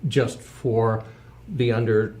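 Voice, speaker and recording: A man answers interview questions in a measured, thoughtful way. He speaks as a guest writer and recalls his work at an even pace. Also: mid-range voice.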